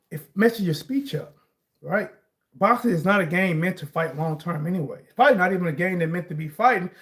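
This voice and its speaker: High-pitched guy ranting about boxing, rambling, gets loud to make a point. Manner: rambling, animated, bursts into shouts on points. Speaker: sports commentary vlogger. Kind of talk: casual chat.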